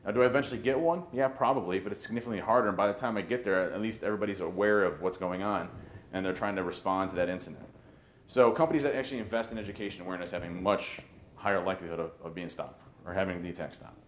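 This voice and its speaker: A man giving a conference talk on social engineering, animated and joking, often restarting his sentences. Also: low-pitched, rapid-fire, slight background noise. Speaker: conference speaker. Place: conference hall. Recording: roomy hall with faint ambience.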